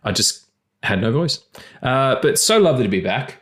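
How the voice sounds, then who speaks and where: Animated, crude-joking male podcast host. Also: mid-range voice, normal speed. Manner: animated, crude, jokey, with restarts. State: slightly gravelly voice after losing it. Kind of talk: casual podcast banter.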